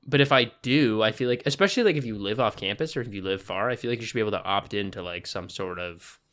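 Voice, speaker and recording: A young man co-hosting a podcast in casual chat, animated and swearing often as he tells stories. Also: on the low side. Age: young adult. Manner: animated, swears a lot, quick storytelling. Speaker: podcast co-host.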